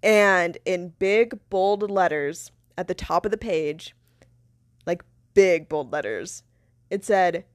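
A woman's voice: fairly low pitch, takes it slowly, no room sound, studio quality. A woman hosting a podcast, telling a personal story in a candid, profane, casual way, laughing often. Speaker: podcast host.

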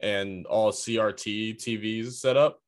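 A man's voice: lowish voice, steady tone, unhurried. Young man rambling through a story. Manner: rambling, filler-heavy "like". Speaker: podcast co-host. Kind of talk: casual chat, storytelling.

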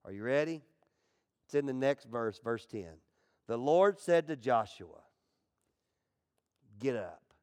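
A middle-aged male pastor preaching a dramatic sermon, swinging from loud, pleading outbursts to hushed asides and acting out whiny voices. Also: mid-range voice, animated, a little slow, clean tone. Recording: long hall reverb.

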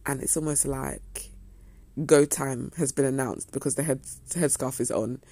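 A woman's voice: very deep voice, steady tone, unhurried, mellow, slightly rough, dry recording. A young woman telling a story to her viewers in a casual, chatty way. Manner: chatty, acts out quoted dialogue. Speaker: vlogger.

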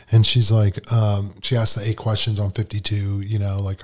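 Candid, animated man telling his story. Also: on the low side, fairly quick, few pauses. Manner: animated, candid, acts out dialogue. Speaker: podcast guest. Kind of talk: casual storytelling conversation.

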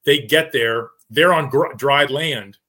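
Bright-voiced former cop telling a story. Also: male voice, mid-range voice, slow. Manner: animated storytelling with acted-out quotes. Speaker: retired police officer panelist. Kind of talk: casual roundtable discussion.

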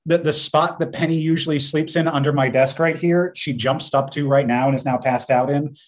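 A man co-hosting a podcast in casual chat, telling stories in an animated way and laughing often. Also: a little high, a little fast. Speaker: podcast co-host.

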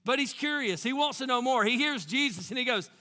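A man preaching a sermon in a church, very animated, swinging between loud bursts and hushed lines and acting out quotes. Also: very high voice, fairly quick, big-room sound. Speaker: pastor.

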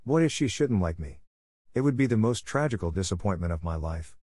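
A man's voice: sits low, animated, a little fast, mellow, husky, dry recording, clean studio sound. A man doing an anxious, wordy orphan girl. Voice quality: earnest, fond of long words.

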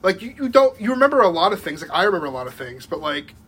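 A man's voice: high voice, big pitch swings, racing, fairly bright tone, husky. A young man telling a rambling story in casual podcast chat, full of likes and restarts and laughing as he goes. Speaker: podcast guest.

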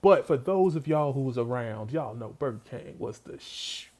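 A man's voice: mid-range voice, expressive, normal speed, darkish tone. A man telling a funny childhood story in a casual, slangy way, talking straight to his listeners.

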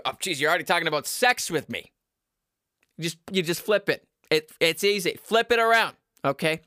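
A man's voice: fairly high pitch, big pitch swings, fairly quick, sharp tone, no echo, studio quality. A man in his twenties rambling crudely at home to his viewers, often laughing at his own jokes and stumbling over his words. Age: 20s. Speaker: vlogger giving dating advice. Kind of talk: casual rambling monologue to camera.

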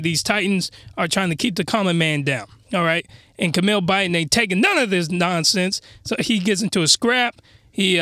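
A man giving a casual, slangy review monologue, animated and given to ranting. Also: high voice, dry recording, clean studio sound. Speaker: anime reviewer.

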